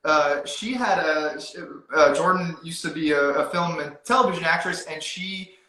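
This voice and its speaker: Bright high-voiced man, echoey. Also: moderate pace. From East Texas. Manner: rambling, full of fillers and restarts. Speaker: guest author. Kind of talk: casual chat. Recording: echoey room.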